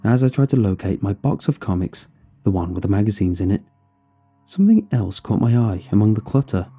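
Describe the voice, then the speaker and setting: Male horror narrator, dark husky timbre, animated pitch, soft music bed. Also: brisk. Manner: expressive first-person storytelling. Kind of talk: scripted horror story narration.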